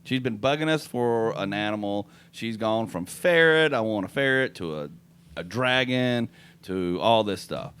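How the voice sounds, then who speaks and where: A middle-aged man tells a funny story on his podcast. His pitch swings widely as he acts out what people said, and he breaks into laughter often. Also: measured pace, smooth. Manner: animated, laughs often, acts out quoted lines. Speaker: podcast host. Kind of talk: casual comedic storytelling.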